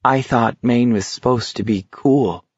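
An exhausted young man, as a male narrator voices him, dripping weary sarcasm. His words come slowly. The recording is dry and slightly muffled. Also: mid-range voice, slightly rough, dry recording. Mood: sarcastic.

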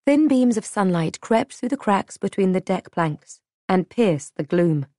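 A woman's voice: lowish voice, mellow, no room sound, clean studio sound. Woman narrating a dramatic audiobook. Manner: measured, dramatic. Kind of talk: scripted first-person narration.

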